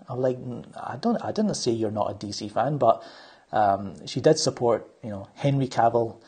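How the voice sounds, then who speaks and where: A man in easy podcast conversation, his voice a little husky at an ordinary middle pitch. He rambles along and keeps restarting his sentences around plenty of fillers. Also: lively intonation, normal speed, a little mellow. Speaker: channel host. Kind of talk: casual podcast chat.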